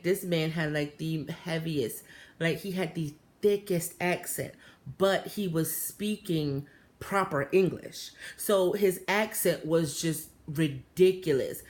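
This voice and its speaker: Chatty woman. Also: fairly low pitch. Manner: chatty, animated, lots of fillers and asides to viewers. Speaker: vlogger. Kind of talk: casual storytelling to camera.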